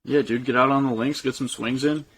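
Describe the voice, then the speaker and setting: A young man co-hosts a podcast in easy, casual chat. His voice sits at a middling pitch, and his talk is loose and full of bro slang. He laughs often. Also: fairly even intonation, brisk, fairly bright tone, slightly rough, poor audio. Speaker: podcast co-host.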